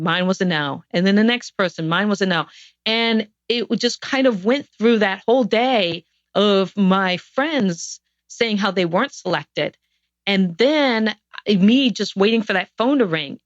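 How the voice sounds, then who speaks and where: A woman's voice: mid-range voice, dry recording. A woman speaks as a podcast guest, recounting her story in an earnest, reflective way that often circles back on itself. Her voice sits in a middle range. The sound is slightly dull and very dry, with no room around it.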